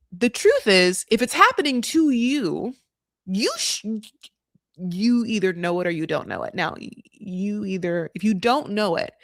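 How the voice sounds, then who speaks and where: A woman's voice: medium pitch, no room sound, studio quality. An American woman recapping a reality show in a chatty, sarcastic way, full of asides and restarts. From United States.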